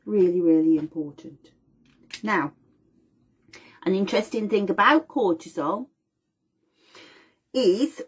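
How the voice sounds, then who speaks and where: A middle-aged woman gives a chatty, informal lesson. Her voice is slightly husky and her pitch leaps around a lot, jumping up high whenever she acts out someone else's words. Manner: animated, acts out voices of mum and baby. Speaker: aromatherapy teacher. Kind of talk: informal lecture.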